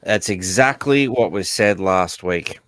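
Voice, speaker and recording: A man hosting an interview, talking in a relaxed, rambling way with casual swearing. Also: low voice, a little slow, no room sound. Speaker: interview host.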